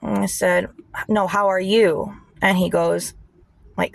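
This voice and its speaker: A young woman with a gravelly, creaky edge tells a painful personal story straight to the camera, on the verge of tears and talking through many fillers. The sound is dry and close, with little room in it. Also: medium pitch, level tone, slow pace, no room sound. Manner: emotional, fighting back tears, many fillers. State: tearful. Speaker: vlogger. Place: indoors, people nearby.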